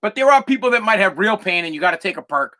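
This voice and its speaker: A middle-aged podcast host, his voice pitched high and bright with a sharp, forceful edge. He rants bluntly and swears constantly. He mocks the people he criticizes in whiny voices. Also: lively intonation, fast talker. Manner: profane, combative, mocking put-on whiny voices. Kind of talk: blunt opinion monologue.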